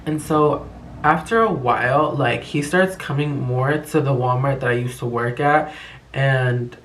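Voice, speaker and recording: A man's voice: medium pitch, a little slow, fairly bright tone. A young man talks through a story in a loose, rambling way, full of slang and cursing. His voice sits in a mid register. The room around him is bare and echoey. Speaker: vlogger. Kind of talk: casual storytime vlog.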